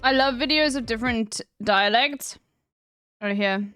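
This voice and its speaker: A woman's voice: fairly high pitch, a little slow, bright, forceful tone, clean tone, no room sound, clean studio sound, soft background music. A woman streamer chatting casually on a live stream, blunt and slangy, with frequent swearing.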